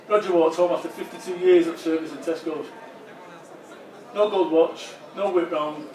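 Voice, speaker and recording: Guy, high voice, punchy motivational speech, swears a lot, sounds far off in a big echoey hall. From northern England. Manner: punchy, blunt, swears for emphasis. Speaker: motivational speaker. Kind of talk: motivational keynote talk. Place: large expo hall. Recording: roomy hall, voice far from mic.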